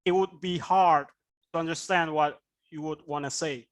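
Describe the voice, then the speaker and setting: A man's voice: a little high, steady tone, normal speed. A man teaching IELTS speaking in an online class, explaining points and checking in with "right?". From Indonesia. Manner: explanatory, with frequent "right?" tag questions.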